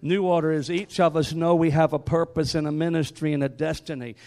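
A man's voice: a little high, steady tone, brisk, darkish tone. A man preaching a sermon, moving from joking asides to rising call-and-response exhortation. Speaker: guest preacher.

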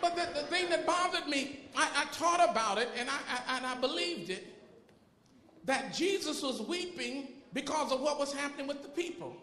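A man, a pastor, preaching a sermon with impassioned shouts and repeated rhetorical questions, recorded in a church sanctuary. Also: very high-pitched, expressive, moderate pace. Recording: echoey hall with long reverb.

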